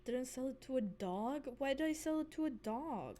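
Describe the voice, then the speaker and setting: A woman livestreaming while she plays a game, chatting casually. She is goofy and playful, giggles often, and breaks into squeaky cries and mock whispers. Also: lively intonation, moderate pace, dark tone. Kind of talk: casual live-stream chatter while gaming.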